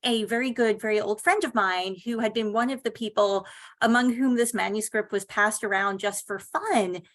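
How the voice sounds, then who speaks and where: A middle-aged woman novelist on a panel, telling a lively anecdote about her career. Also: medium pitch, normal speed. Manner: animated anecdotal storytelling. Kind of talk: panel discussion storytelling.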